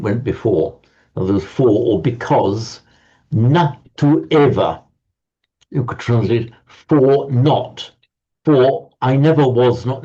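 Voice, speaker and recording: A man teaching a Sanskrit class over a video call, explaining slowly with frequent stammered restarts and reciting verses. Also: medium pitch, mellow, muffled recording.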